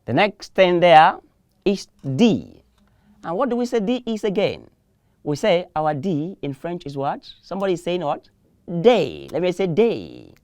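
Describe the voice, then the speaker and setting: A French teacher leads a televised lesson in a low, animated voice with wide pitch swings and a moderate pace. Patient and encouraging, she repeats each word over and over for learners to echo and gently corrects mispronunciations. The sound is close and dry.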